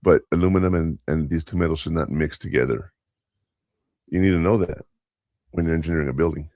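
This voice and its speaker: Very deep-voiced blunt male host. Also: a little fast, a little mellow, dry recording, studio quality. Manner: blunt, lecturing, plain-spoken. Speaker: podcast host. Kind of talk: casual radio talk.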